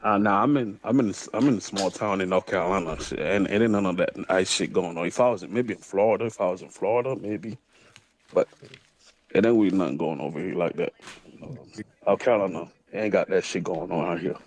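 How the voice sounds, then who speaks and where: Low-voiced Haitian man calling in. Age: 30s. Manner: halting, with many restarts and curse words. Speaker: caller. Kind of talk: casual call-in chat.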